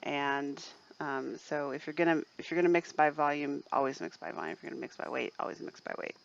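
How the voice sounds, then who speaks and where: A woman with a low-sitting, creaky voice speaks fairly quickly with fairly even intonation as she co-hosts a casual show. She chats viewers through a recipe mixing demonstration step by step, calling them "people," on dull audio.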